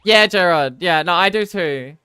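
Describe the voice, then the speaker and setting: Casting: Australian woman streamer, rambling and self-mocking, smooth voice, dry close sound. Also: fairly low pitch, measured pace, bright, forceful tone, no echo. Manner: rambling, self-mocking, answers viewers' chat between game moments. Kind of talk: casual live-stream chat.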